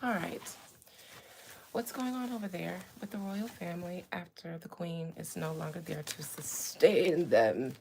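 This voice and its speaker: A woman's voice: on the low side, a little slow, vocal fry, warm tone, a little hiss or hum. A woman hosting a podcast in casual chat, playful and given to laughing and fanciful tangents. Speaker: podcast host.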